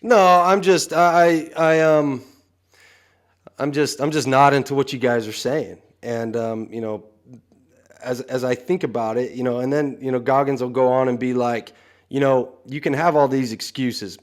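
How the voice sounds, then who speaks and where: A man's voice: medium pitch, fairly even intonation, moderate pace. A man, a coach, talking earnestly and frankly in a casual podcast chat, often saying "you know".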